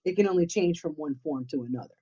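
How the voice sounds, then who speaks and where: A woman's voice: deep voice, fast talker, mellow, slightly rough. A woman with a New England accent, a guest paranormal investigator chatting casually and rambling, often repeating words and restarting. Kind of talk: casual chat. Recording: dull lo-fi audio.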